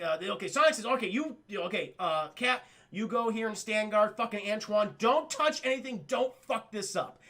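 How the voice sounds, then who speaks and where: Excitable, foul-mouthed male streamer. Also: high-pitched. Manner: excitable, profane, keeps addressing his chat. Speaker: livestream host reviewing a cartoon. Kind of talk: casual livestream commentary.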